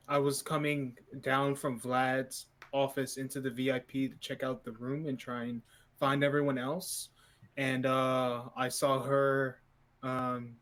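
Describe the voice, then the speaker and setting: A man playing a tabletop game, recapping hesitantly with many pauses. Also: medium pitch. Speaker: player. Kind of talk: casual in-character recap.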